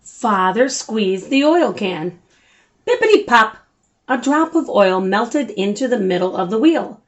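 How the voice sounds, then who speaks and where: An older woman hosting a children's story time, reading a picture book aloud in an animated, sing-song way. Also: medium pitch, measured pace. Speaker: storyteller host.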